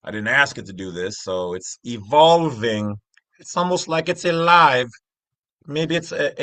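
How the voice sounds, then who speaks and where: A man's voice: medium pitch, fairly bright tone, no room sound. A middle-aged man hosting his own channel, explaining casually with rambling, jokey asides and frequent self-interruptions. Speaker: channel host. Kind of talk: casual explainer talk over a screen.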